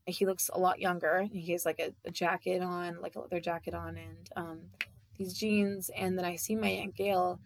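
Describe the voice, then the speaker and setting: A woman telling a personal story in a halting way, full of fillers and restarts. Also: fairly low pitch, little pitch movement, creaky.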